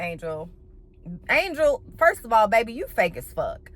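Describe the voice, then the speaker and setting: A woman's voice: fairly high pitch, unhurried, noisy background. A woman giving a casual, blunt and profane recap of a reality TV episode, full of sassy slang. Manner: animated, with playful slang.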